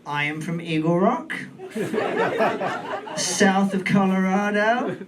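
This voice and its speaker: A British man in his forties performing a stand-up comedy set on a club stage, camp and playful with deadpan asides. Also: high voice, slow, a loud crowd. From United Kingdom. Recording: distant mic in comedy club, faint room noise.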